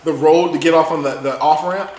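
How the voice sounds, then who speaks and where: A young man adding details to a friend's story in a casual podcast chat. His voice sits a little high for a man. The room is roomy and echoes. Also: fairly even intonation, a little fast, darkish tone, a little hiss or hum. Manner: chimes in and laughs, adds details to a friend's story.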